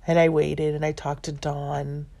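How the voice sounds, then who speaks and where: A middle-aged woman telling a personal story in a halting, self-correcting way. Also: low-pitched, level tone, creaky, dark tone. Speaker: vlogger.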